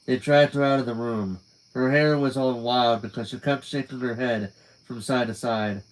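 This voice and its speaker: A man's voice: medium pitch, steady tone, moderate pace, poor audio. A man reading a novel aloud on a live stream, casual and conversational, breaking off to talk to his viewers. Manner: casual, conversational, trailing off at phrase ends. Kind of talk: live reading with chatty asides to chat.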